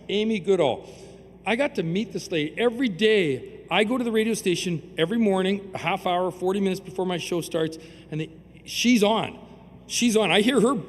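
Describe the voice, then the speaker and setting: Excited older man in a hall. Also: a little high, slight background noise. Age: 60s. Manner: rambling, heartfelt and excited. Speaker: award winner giving acceptance speech. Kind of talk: emotional acceptance speech. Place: large hall at an awards ceremony. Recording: reverberant hall with faint ambience.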